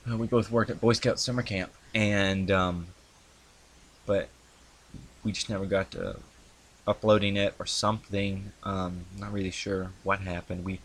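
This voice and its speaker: A man's voice: deep voice, steady tone, unhurried. A young man casually recounting the story of his video channel, rambling with many ums and restarts. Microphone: handheld mic he adjusts.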